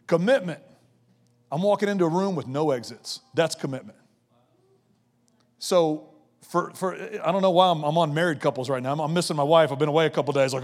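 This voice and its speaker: A middle-aged man preaching an energetic, playful sermon as a guest preacher in a church, joking and slipping into quick voices. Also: high voice. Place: church sanctuary. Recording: long hall reverb.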